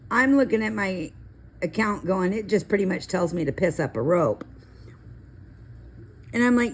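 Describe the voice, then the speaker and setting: A woman's voice: medium pitch, expressive, normal speed. A middle-aged woman hosting a coloring video, chatting casually and telling rambling stories while she works. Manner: chatty, storytelling, rambling asides. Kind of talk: casual coloring tutorial chat.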